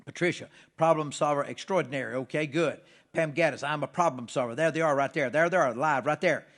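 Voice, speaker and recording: A man's voice: on the high side, a little fast. Fired-up male motivational speaker. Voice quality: emphatic, repetitive, rising to loud exhortations. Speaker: motivational speaker hosting a live broadcast. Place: theater or studio.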